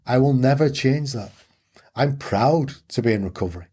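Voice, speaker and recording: A man's voice: mid-range voice, lively intonation, moderate pace, darkish tone, husky. A middle-aged man, telling his story candidly and earnestly as an interview guest, repeating phrases for emphasis.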